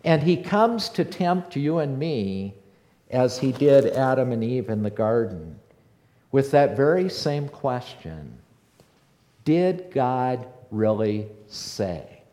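Man, pastor, fervent sermon, slow deliberate delivery, long church reverb. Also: mid-range voice, sing-song. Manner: impassioned, rising to loud emphatic repetition. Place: church sanctuary.

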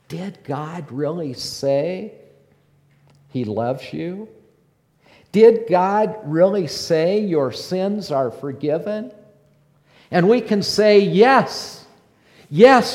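A man preaching a sermon as pastor, passionate and building to loud emphatic repetition. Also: high voice, in a large hall. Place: church sanctuary.

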